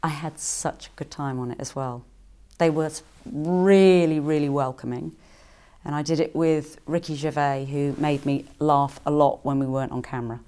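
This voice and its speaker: A woman's voice: steady tone, warm tone, clear, resonant tone. A middle-aged woman from England, an actress and singer, casually answering fan questions in a chatty, playful way. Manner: chatty and playful, with quick jumps into higher quoted voices.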